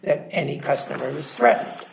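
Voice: medium pitch, expressive, normal speed, vocal fry, a little hiss or hum. A judge from the bench who interrupts counsel and firmly explains the law. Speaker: appellate judge. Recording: voice heard from a distance.

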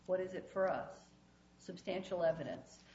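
A woman's voice: on the low side, normal speed, darkish tone. A woman appellate judge questioning an attorney from the bench, direct and pointed. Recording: dull echoey courtroom audio, faint noise.

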